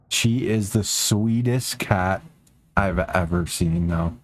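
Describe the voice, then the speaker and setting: A man's voice: slow, a little hiss or hum. Profane young man chatting while streaming. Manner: rambling, profane, talks to his cats in a high baby voice. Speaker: game streamer. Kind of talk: casual chat while streaming a game.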